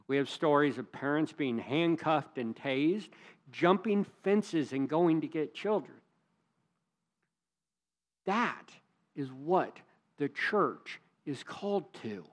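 Pastor, man, slightly high voice, measured emphatic sermon delivery. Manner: earnest, emphatic preaching with rising stresses.

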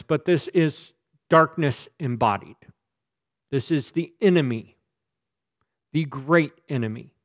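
Emphatic preacher with a fairly high voice. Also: male voice. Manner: emphatic, repeats words when stressing a point. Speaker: pastor. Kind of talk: sermon.

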